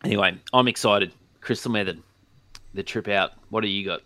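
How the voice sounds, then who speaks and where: A man's voice: fairly low pitch, fairly quick, sharp tone. A man co-hosting a casual music podcast, rambling with hesitant restarts. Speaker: podcast co-host. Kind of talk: casual chat.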